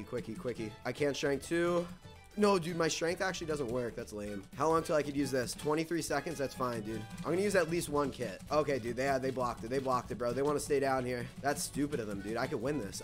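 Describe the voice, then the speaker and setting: A young man, a gaming YouTuber, gives live commentary on a game. He's excitable, swinging between nervous muttering and loud outbursts, constantly saying "dude" and "bro." His voice is on the high side.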